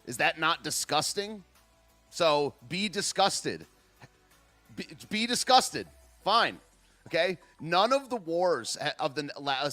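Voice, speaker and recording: A man's voice: on the high side, pushed and bright. Heated, argumentative male podcast host. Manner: heated, argumentative, rambling with many restarts. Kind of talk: combative political commentary, reacting to chat.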